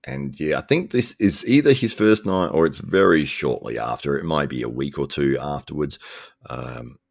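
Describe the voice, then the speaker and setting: Very deep gravelly man chatting. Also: moderate pace, no room sound, studio quality. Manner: relaxed, rambling, chuckles often. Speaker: live show host reading chat. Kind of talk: casual live-stream chat.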